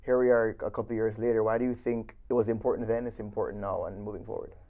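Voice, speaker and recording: A man's voice: fairly low pitch, fairly even intonation, fast, muffled recording. A man hosting a radio interview, asking questions conversationally. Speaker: interviewer, student radio host.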